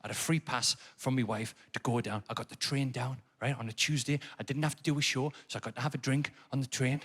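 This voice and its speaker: A man in his thirties with a Geordie accent, performing a stand-up comedy set in a theatre, storytelling with swearing and shouted punchlines. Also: medium pitch, steady tone, fast talker, slightly rough. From North East England. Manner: swearing, storytelling, sing-song nursery rhyme bits, rising to shouted punchlines. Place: large theatre stage before a live audience. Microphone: stage microphone.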